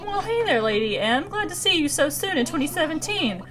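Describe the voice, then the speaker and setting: A woman's voice: sits high, sing-song, a little fast, music in the background, voice pushed up. A woman reading aloud the lines of a friendly male wolf villager from a game.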